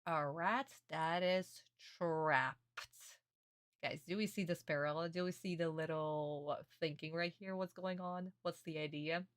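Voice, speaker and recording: A young woman with a fairly low voice, talking casually and excitedly as a streamer. She laughs often and swears freely, recorded dry and close. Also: a little slow, smooth, no echo. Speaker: streamer reacting to an anime. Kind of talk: casual reaction commentary.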